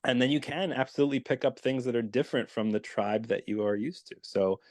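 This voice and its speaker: A man's voice: mid-range voice, fairly even intonation, a little fast, darkish tone, no room sound. Dry-sounding enthusiastic male dialect coach. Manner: enthusiastic, explanatory. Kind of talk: casual interview chat.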